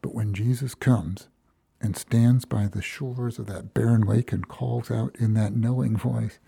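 A man's voice: mid-range voice, fairly even intonation, measured pace, vocal fry, dark tone, slightly rough. A man from Minnesota preaching a reflective, storytelling sermon as a pastor, acting out the quoted lines.

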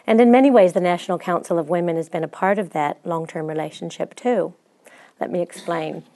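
A middle-aged woman with an American accent delivers a prepared talk as guest speaker. She speaks in a measured, reflective way, and her voice sits on the low side. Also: dark tone. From Chicago, USA. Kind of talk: prepared speech.

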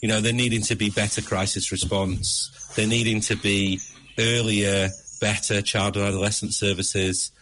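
A man, a regular radio guest who runs a mental health organisation, talking in an animated, upbeat way with frequent restarts. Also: on the low side, normal speed, slight background noise. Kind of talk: radio interview.

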